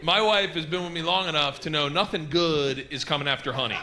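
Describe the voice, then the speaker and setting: Guy doing stand-up, kinda high voice, live crowd noise behind him. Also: fairly quick. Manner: animated storytelling, acting out voices of others. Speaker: stand-up comedian. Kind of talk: stand-up comedy set. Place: comedy club stage with live audience.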